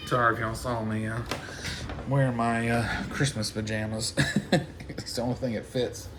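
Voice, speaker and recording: Soft-spoken halting man at home. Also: mid-range voice, little pitch movement, noisy background. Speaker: toy collector vlogger. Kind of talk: casual mail-call vlog.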